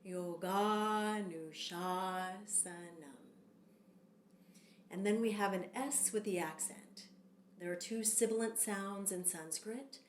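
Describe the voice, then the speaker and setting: A woman teaching a yoga sutra lesson, speaking calmly and measured, leading chants. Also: mid-range voice, roomy sound, a little hiss or hum. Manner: calm, slow and measured, with long drawn-out chants. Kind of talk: Sanskrit sutra lesson with call-and-response chanting.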